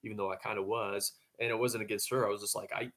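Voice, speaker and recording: A man's voice: on the low side, flat delivery, fast talker, fairly bright tone. A man casually telling a story to camera, rambling, with frequent stammering restarts.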